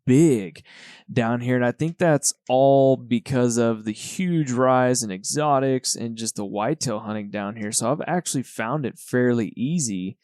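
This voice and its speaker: A man hosting a podcast, asking questions in relaxed conversational chat with some hesitant fillers. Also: medium pitch, unhurried, dry recording, clean studio sound. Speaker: podcast host. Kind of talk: casual interview. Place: Texas.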